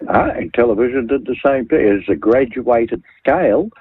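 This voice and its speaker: An older man calling a radio show over the phone, opinionated and animated, stumbling and repeating words. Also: medium pitch, moderate pace, breathy edge, no echo. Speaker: radio caller. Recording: phone line.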